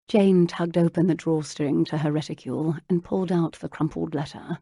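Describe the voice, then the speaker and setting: A woman reading an audiobook in measured, even storytelling narration. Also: low voice, gravelly, husky, no echo, clean studio sound. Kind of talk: scripted narration.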